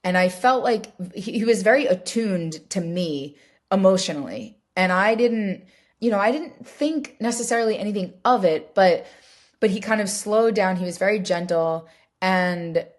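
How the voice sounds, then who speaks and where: A woman's voice: mid-range voice, moderate pace. A woman hosting a solo podcast, telling a personal story in a candid, reflective way, full of fillers and restarts. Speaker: podcast host.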